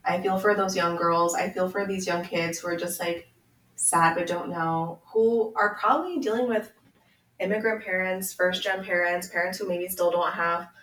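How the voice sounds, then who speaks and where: A woman's voice: fairly low pitch, fairly even intonation, normal speed, a bit bright, recorded from a distance. Earnest young woman, a bit off-mic. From Washington State, US. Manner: earnest, heartfelt, many filler "like"s. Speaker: podcast guest. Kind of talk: candid conversation. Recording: roomy sound, a bit off-mic.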